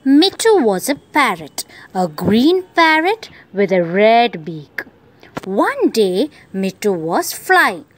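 A woman teacher reading a children's story aloud to young kids in a slow, encouraging voice. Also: a little high, sing-song. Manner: slow, sing-song, encouraging.

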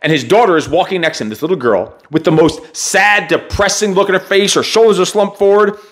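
A man delivers a motivational podcast monologue in a blunt, forceful rant full of swearing. His speaking voice sits somewhat higher than most men's. He hammers his points home with emphatic repetition. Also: a little fast. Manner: blunt, heavily profane, emphatic ranting. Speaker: podcast host.

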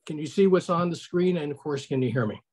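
A man's voice: fairly high pitch, animated, fast, darkish tone, breathy edge. An older man giving a conversational online history lecture over a video call, putting questions to his audience.

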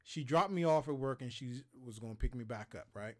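A man's voice: mid-range voice, a little fast, darkish tone. A man in his thirties from Maryland, hosting a show and telling stories in casual, profane chat, acting out quotes and sound effects.

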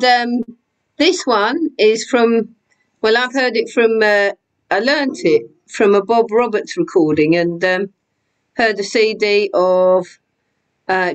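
A woman folk singer chatting briefly before singing a sea song, unhurried and homely. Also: medium pitch, poor audio. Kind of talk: chatty song intro, then sung sea song. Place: home during online session. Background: her own accordion.

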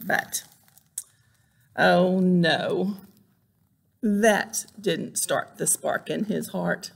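A librarian reads a picture book aloud to children in her lowish, slightly rough voice with vocal fry. She goes very slowly but stays animated, exclaiming and making sound effects.

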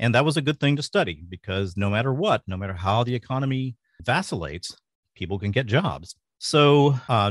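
Lively fast-talking middle-aged man. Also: fairly low pitch, no room sound, studio quality. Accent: mostly neutral American, slight Louisiana. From rural Louisiana, USA. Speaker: podcast guest. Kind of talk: casual interview.

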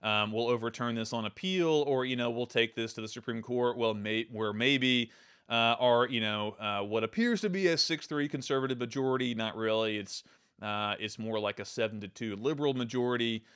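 A man's voice: mid-range voice, moderate pace, a bit bright, smooth. A man hosting his own show, talking through political commentary in an emphatic, loose way, often restarting and repeating words. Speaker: podcast host.

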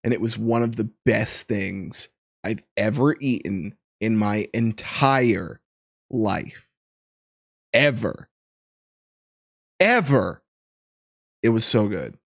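A man's voice: on the low side, slow, creaky, long pauses, no room sound, studio quality. A young man streaming live, chatting casually and laughing as he ranks fruits and reads chat. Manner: chatty and laughing, animated, reading chat aloud.

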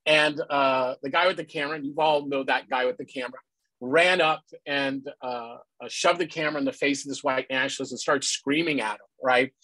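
A man speaking earnestly at a public panel, often pausing on "uh" and checking in with "right?". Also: mid-range voice, fairly even intonation, pushed and bright, no echo, poor audio. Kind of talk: public talk. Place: based in the Pacific Northwest.

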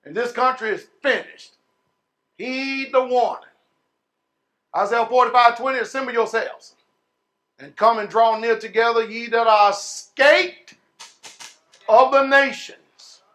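Preaching a sermon to his congregation, this pastor has a high voice for a man and keeps a steady tone. He draws words out slowly, erupts into loud shouts, then sinks low and quiet, speaking in a folksy way packed with "man" and "y'all."

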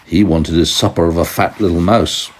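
A man reading a storybook aloud to his young child at home, gently pausing to ask questions. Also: low-pitched, steady tone. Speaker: parent telling a story to a toddler.

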